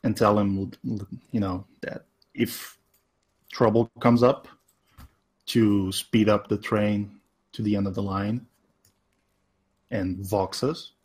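A male player speaks slowly and deliberately, giving orders as his character. His voice is low and husky. He sounds commanding. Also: fairly even intonation, a little mellow. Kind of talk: tabletop role-play.

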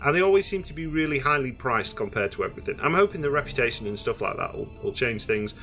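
Guy rambling through his space game, bright tone, soft music and typing behind. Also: mid-range voice, expressive, fast talker. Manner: rambling, hesitant, chatty. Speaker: gaming streamer. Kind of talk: casual let's-play commentary.

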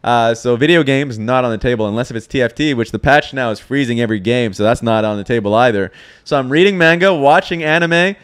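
A man's voice: medium pitch, fast, clean tone. A man co-hosting a casual podcast, joking around with crude humor and laughing often. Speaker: podcast co-host, esports caster. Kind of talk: casual chat.

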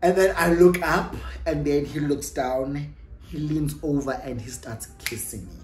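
A young adult YouTuber with a South African accent, telling a storytime in an animated, gossipy way and dropping in Xhosa phrases and tag questions. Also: medium pitch, unhurried. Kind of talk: storytime vlog. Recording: roomy echo with faint music.

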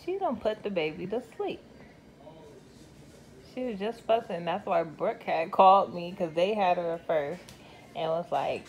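A woman's voice: mid-range voice, lively intonation, moderate pace, soft background music. A young woman talking casually to her phone camera in a vlog, chatty, slangy and candid, rambling through her stories. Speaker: vlogger and mother. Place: home, then outdoors. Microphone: handheld phone camera.

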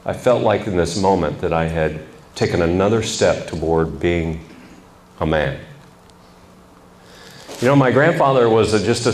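Middle-aged male speaker, animated storyteller with humor, faint hiss behind. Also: deep voice. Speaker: speaker at a men's ministry event. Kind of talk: storytelling talk.

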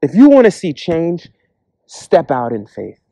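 A man preaching a casual, earnest sermon, acting out imagined voices in quick asides. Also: on the high side, wildly swooping pitch, gravelly, mellow.

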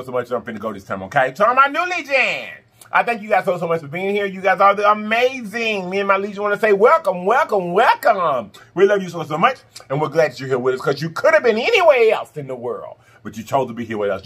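A middle-aged man chats straight to his viewers while he eats. His voice is bright and fairly high for a man, and he keeps it affectionate and a little preachy, calling everyone "baby" and "y'all". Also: slightly rough. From Southern United States. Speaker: mukbang vlogger. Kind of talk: casual talk to camera while eating.

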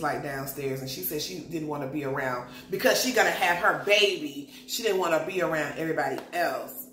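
A woman recapping a reality show in an animated, slangy, gossipy way. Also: fairly low pitch, slight background noise. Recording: echoey room.

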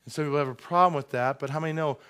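A man's voice: on the high side, racing, fairly bright tone, smooth. A male pastor preaching a conversational sermon with joking asides, in a church sanctuary.

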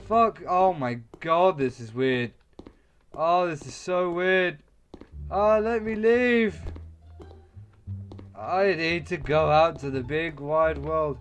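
A man's voice: high voice, a bit bright. A young man commentating a video game, swearing and exclaiming as he rambles along. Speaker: gamer. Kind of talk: let's play commentary.

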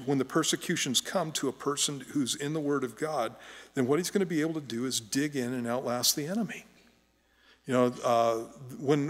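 A middle-aged man preaching a sermon as pastor, conversational and joking, often restarting his sentences. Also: medium pitch. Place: church sanctuary. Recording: long church hall reverb.

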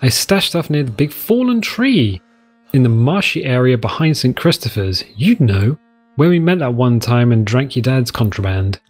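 A man's voice: medium pitch, big pitch swings, normal speed, breathy edge. A man reading a game note aloud in a raised voice as a young woman writing to her secret sweetheart. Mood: lovestruck.

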